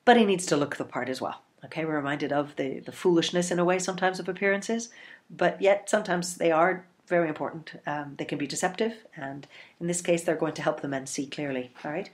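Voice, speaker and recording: Low-voiced woman teaching literature. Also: fairly quick. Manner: explanatory, with frequent okay and you know; reads quoted verse aloud expressively. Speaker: literature educator. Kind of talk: recorded literature lecture.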